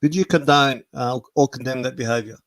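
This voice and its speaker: A man's voice: medium pitch, fairly even intonation, a little fast, fairly bright tone. A man hosting a livestream, blunt and mocking, swearing while he reads chat comments. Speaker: livestream host. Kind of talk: profane livestream banter.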